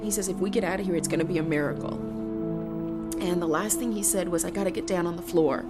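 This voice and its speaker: A woman giving interview testimony, recounting a hard memory in a halting, emotional way. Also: lowish voice, over loud music.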